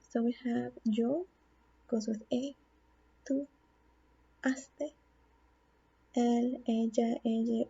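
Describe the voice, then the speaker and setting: A woman's voice: on the high side, creaky, mellow, breathy edge, muffled recording. A woman teaching a Spanish grammar lesson on video, patiently asking questions and answering them herself. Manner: patient, asks and answers her own questions.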